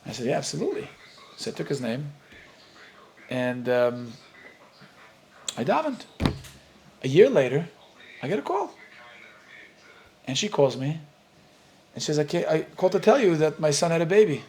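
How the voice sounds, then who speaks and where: A middle-aged man with an American accent, a rabbi telling lively stories while teaching a Talmud class and acting out the dialogue. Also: on the high side, normal speed, pauses often, slight background noise. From United States. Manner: animated storyteller, acts out dialogue, laughs often.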